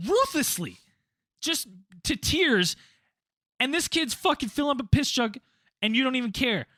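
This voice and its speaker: A man with a high, bright voice spins a crude story in casual podcast chat, swearing freely and raising his voice to act out what people said. The sound is close and dry. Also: normal speed, dry recording. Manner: animated, profane, acts out quotes loudly. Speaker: podcast co-host.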